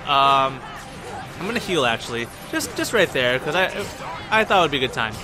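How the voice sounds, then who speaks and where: A man's voice: mid-range voice, sing-song, brisk. A young man giving casual, rambling let's play commentary, joking and talking back to the characters on screen. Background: game music.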